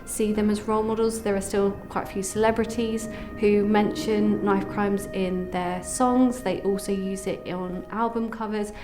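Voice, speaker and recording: A woman explaining social theory in a measured, academic way for a documentary. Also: mid-range voice, steady tone, music in the background. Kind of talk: documentary interview.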